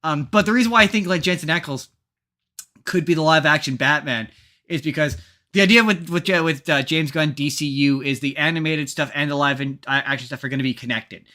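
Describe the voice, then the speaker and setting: A man's voice: on the high side, a little fast, pushed and bright. A man hosting a podcast in casual chat, rambling and restarting his sentences often. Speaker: podcast host.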